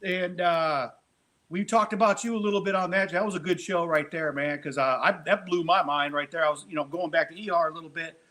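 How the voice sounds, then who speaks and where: A man with a notably high speaking voice hosts a relaxed conversation over a video call. He tells stories with loose, salty language and a lot of energy. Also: brisk. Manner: animated, profane storyteller. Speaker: podcast host. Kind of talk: casual storytelling chat.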